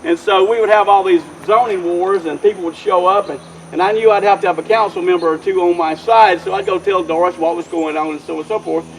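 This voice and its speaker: A man's voice: high voice, steady tone, fast talker, hardly any pauses, slight background noise, low-quality recording. A man speaking as mayor at an outdoor park dedication, telling a folksy, rambling story and often restarting his sentences. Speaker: mayor giving a dedication speech. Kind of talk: informal public speech.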